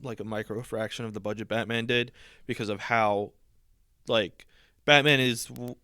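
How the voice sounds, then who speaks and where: A young man co-hosting a casual podcast, measured and adding caveats to his co-host's points. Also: medium pitch, fairly even intonation, bright, forceful tone, no room sound, studio quality. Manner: measured, adds caveats and counterpoints. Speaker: podcast co-host.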